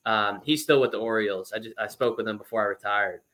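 A former pro baseball player in his twenties tells stories as a guest in a relaxed interview, lively and chatty with plenty of filler words. He speaks fast in a lowish voice.

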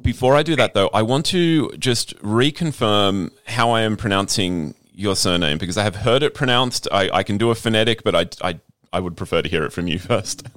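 A man's voice: lowish voice, a little fast, fairly bright tone, no room sound. An Australian man hosting an interview over a video call, enthusiastic and restarting often. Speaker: podcast host. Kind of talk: interview host.

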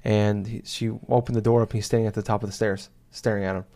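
A young man with a lowish voice tells a story in a casual podcast chat. He rambles, with lots of halting restarts and fillers. It sounds like an easygoing, unscripted talk between friends. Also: flat delivery, mellow.

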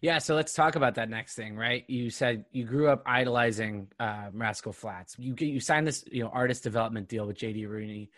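A man hosting an interview on a video call, relaxed and encouraging, who also reads a short ad. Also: mid-range voice, brisk, few pauses, dry recording, studio quality. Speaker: podcast host.

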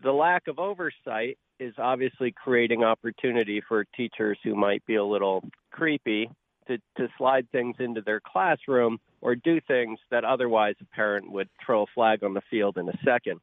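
A man calling a radio show, laying out his point in a deliberate way. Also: medium pitch, no room sound. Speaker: caller. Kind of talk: radio call-in. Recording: phone line into radio show.

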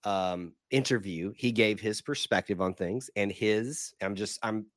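Podcast host, man, hoarse from a cold, slightly low voice, dry close sound, chatty. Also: a little slow, no echo. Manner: chatty, animated, rambling. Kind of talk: casual sports podcast chat.

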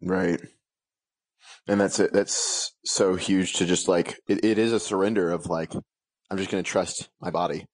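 A man hosts a podcast interview in a very low voice with a husky grain. He talks in a measured, reflective way, pausing on small fillers. The sound is dry and close with no room echo. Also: fairly even intonation. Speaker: podcast host and coach. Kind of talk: interview conversation.

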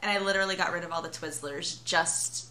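A giggly American woman co-hosting a casual podcast, her voice bright and clear. She talks loosely, full of "like" and little laughs. The room around her is echoey. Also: fairly low pitch, fairly even intonation, brisk. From United States. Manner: giggly, chatty, lots of "like". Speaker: podcast co-host. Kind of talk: casual chat.

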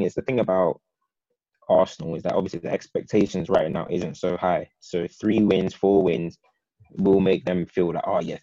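A man co-hosting a casual football chat, talking in long, animated, opinionated runs. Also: low-pitched, no room sound, dull audio.

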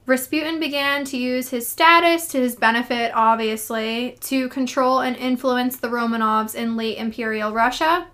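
A woman's voice: fairly high pitch, steady tone, moderate pace, few pauses, fairly bright tone. A young woman co-hosting a casual history podcast, chatty, laughing often and reading quotes aloud. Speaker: podcast co-host.

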